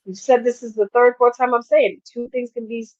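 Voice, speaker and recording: Woman co-host, casual and emphatic, higher voice, dry and dull recording. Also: fairly quick, no room sound. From New York. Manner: animated, laughs often, emphatic. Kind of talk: casual chat.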